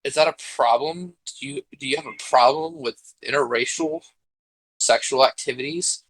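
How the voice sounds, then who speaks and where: A man's voice: medium pitch, normal speed, a bit bright, rough recording. A man playing a tabletop game, joking and argumentative in casual table talk. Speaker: player.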